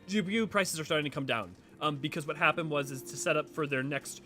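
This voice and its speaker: A man's voice: a little high, fast talker, bright, forceful tone, faint music behind. A man chatting casually on his livestream, rambling with fillers and restarts between reading game dialogue aloud.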